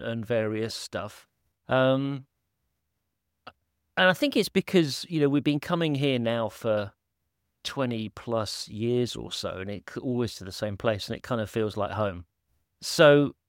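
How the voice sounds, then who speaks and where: A man hosts a podcast in a relaxed, rambling chat, joking at his own expense and trailing into fillers. His voice sits at an ordinary middle pitch. The sound is dry and close, with no room echo. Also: clean tone. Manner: rambling and self-deprecating, many fillers. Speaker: podcast host. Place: holiday home indoors, at a laptop.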